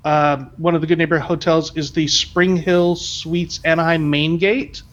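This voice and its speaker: Podcast guy, kinda high voice, stop-start talk, muffled lo-fi sound. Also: little pitch movement, unhurried, a bit bright. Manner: hesitant, many ums and repeated words. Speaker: podcast co-host. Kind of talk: casual podcast chat.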